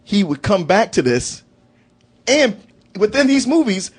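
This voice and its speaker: A man's voice: high-pitched, big pitch swings, a little slow, breathy edge. A man hosting a casual film review chat, talking animatedly and acting out characters' lines in quoted voices. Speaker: film review podcast host.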